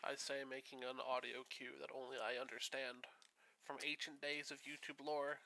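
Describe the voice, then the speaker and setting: A man's voice: medium pitch, flat delivery, normal speed, vocal fry, sharp tone. A man hosting a stream, chatting in a rambling, easygoing way while he paints. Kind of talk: casual chat while painting. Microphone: streaming setup.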